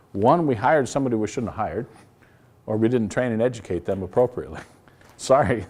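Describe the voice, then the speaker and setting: A man's voice: medium pitch, darkish tone. A middle-aged man, a company CEO giving a live business presentation. He talks in a blunt, folksy way, tells stories with quoted dialogue, and throws rhetorical questions at the crowd.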